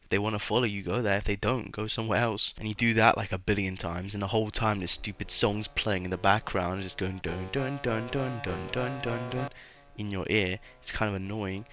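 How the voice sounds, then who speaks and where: A man's voice: fairly low pitch, little pitch movement, fairly quick, hardly any pauses, over music. A man doing a casual, rambling voice-over commentary on a video game, sarcastic and trailing off into mumbles at times.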